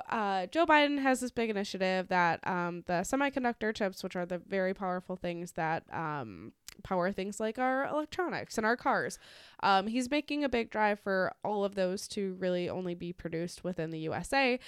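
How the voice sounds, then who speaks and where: A woman's voice: mid-range voice, lively intonation, moderate pace, smooth, dry recording, clean studio sound. A woman co-hosting a podcast, recapping the news in a casual, chatty way, swearing freely and laughing often. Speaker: podcast co-host.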